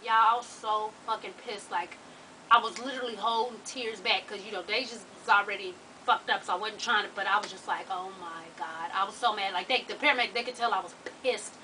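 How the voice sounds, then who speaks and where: A woman vlogger telling a personal story to her viewers in an animated, profane, slang-heavy way. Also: medium pitch, fast talker, recorded from a distance, slight background noise, poor audio.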